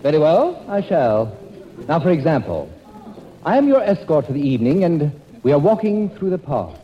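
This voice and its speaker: An elegant, debonair man with a fairly high, lively voice plays along in a 1940s radio comedy sketch. His polished delivery sits in a dull old broadcast with loud hiss and a roaring studio audience behind. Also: moderate pace. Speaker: guest star.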